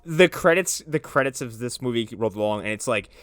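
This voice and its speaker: A man's voice: mid-range voice, lively intonation, brisk, a bit bright, no echo, studio quality. A man co-hosting a casual movie review podcast, wry and full of fillers. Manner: chatty, filler-heavy, wry. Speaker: podcast co-host.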